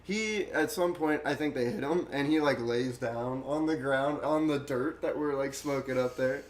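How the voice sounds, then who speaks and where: A man's voice: mid-range voice, normal speed. A young man casually telling a long, wild story on a podcast, acting out what other people said and laughing often. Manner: animated, acts out quotes, laughs often. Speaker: guest storyteller.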